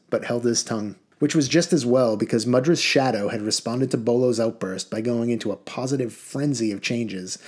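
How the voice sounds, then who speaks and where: A man reading a children's novel aloud in a lively, expressive way. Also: mid-range voice, breathy edge. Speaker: audiobook reader.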